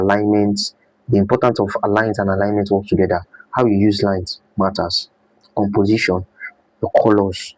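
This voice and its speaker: A man teaches a design class in a low, husky voice. He repeats key points and throws questions back at his students. The sound is dry and close. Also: darkish tone, no echo, poor audio. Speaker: design instructor. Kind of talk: live class lecture.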